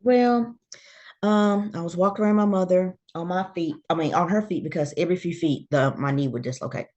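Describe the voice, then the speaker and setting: A woman's voice: lowish voice, brisk, highs cut off. A woman, a guest telling her own story in a casual interview and acting out the voices of the people in it. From Georgia, USA. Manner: animated storyteller who acts out quoted voices.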